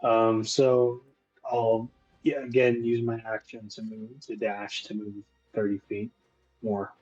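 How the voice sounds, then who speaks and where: A man's voice: lowish voice, flat delivery, slow pace, darkish tone, breathy edge, lo-fi sound, soft background music. A man playing a tabletop game, hesitant and thinking aloud as he decides. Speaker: player.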